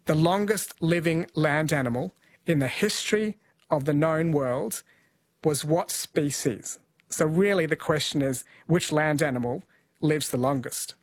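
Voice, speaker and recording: A man's voice: a little high, dry recording. A man hosting a late-night radio quiz, chatting with callers. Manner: chatty, friendly, spells words out slowly. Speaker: radio host. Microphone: studio mic.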